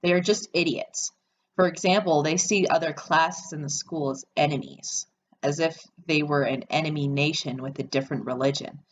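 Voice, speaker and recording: A woman voicing a shy, serious thirteen-year-old girl who speaks flatly and bluntly. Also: sits low, normal speed, slight background noise, natural voice. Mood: scornful.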